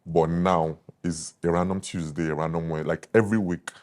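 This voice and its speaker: A man's voice: low voice, fairly even intonation, a little fast, darkish tone. A young adult man with a Nigerian accent, a food critic guest talking confidently and emphatically in a casual interview.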